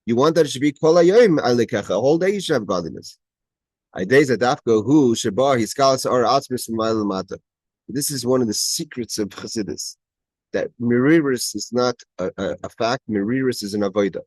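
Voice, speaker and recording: A man's voice: mid-range voice, expressive, a little fast, darkish tone, dry recording. A man leads a study class over a video call, moving between Hebrew quotations and his own English explanation. His voice sits in a middle register and the sound is dry and close. He stumbles and restarts often, then presses hard on his main points. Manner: grows emphatic at key points. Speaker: teacher leading a Torah study class. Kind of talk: explaining a Hebrew text line by line.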